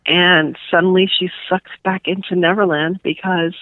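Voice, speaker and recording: A woman's voice: fairly low pitch, steady tone, moderate pace, dry recording. A middle-aged woman with a Cuban New Yorker accent, chatting as a guest author in a rambling way, full of fillers. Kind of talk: casual interview chat. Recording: tinny phone line.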